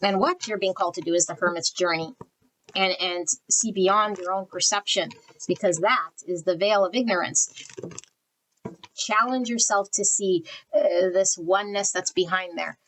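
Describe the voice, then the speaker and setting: With a mid-range, slightly bright voice at a normal pace, a tarot reader works through a general pick-a-card spread on a low-quality recording. She names each drawn card, channels energy, and speaks bluntly in spiritual language.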